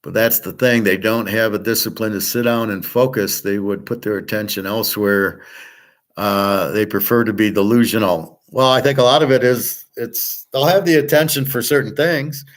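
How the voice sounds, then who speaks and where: A man's voice: fairly low pitch, normal speed. Guy ranting off the cuff, swears a lot, keeps restarting sentences, trails off into ums. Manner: blunt, profane, many restarts and trailing fillers. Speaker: podcast host and betting tipster. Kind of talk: casual rambling monologue.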